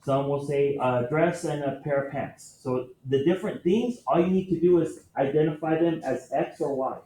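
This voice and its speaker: A man teaches a math lesson in a classroom, patiently breaking each step down and putting questions to his students. His voice is mellow and sits slightly high. The room is echoey, with a faint hiss of noise behind him. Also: normal speed.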